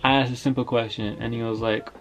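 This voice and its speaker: A man's voice: medium pitch, steady tone, quick pace, gravelly, a bit bright. A young man telling a story time in a casual, slangy, rambling way, filling his talk with "like".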